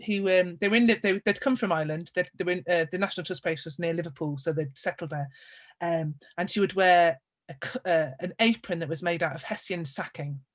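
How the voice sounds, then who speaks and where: A woman hosts a relaxed conversation and reflects on her own storytelling experiences, thinking aloud. She talks animatedly, and her voice sits slightly low for a woman.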